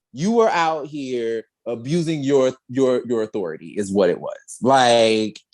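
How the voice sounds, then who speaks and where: A podcast co-host recapping a story in a sassy, slangy, animated way, with acted quotes. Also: medium pitch. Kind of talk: casual chat.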